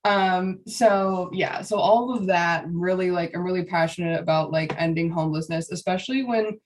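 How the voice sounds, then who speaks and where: A woman guest in a casual conversation, talking fast with plenty of swearing and frequent laughter. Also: lowish voice, darkish tone, far from the mic. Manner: fast, profanity-laced and laughing often. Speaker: podcast guest, psychic medium.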